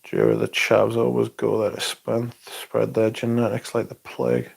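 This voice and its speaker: A man's voice: lowish voice, little pitch movement, moderate pace, creaky. A man hosting a casual livestream, reading out viewer comments in a laid-back, rambling way and swearing now and then. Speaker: livestream host.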